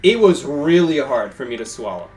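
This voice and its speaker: Young man, game streamer, casual commentary, chatty, very lively pitch. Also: normal speed. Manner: chatty and animated, thanking viewers. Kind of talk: casual live gameplay commentary.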